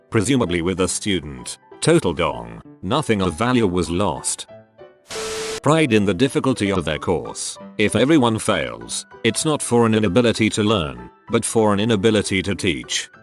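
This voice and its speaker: Man, low voice, lively pitch, scripted story narration, faint music underneath. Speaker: narrator reading online posts.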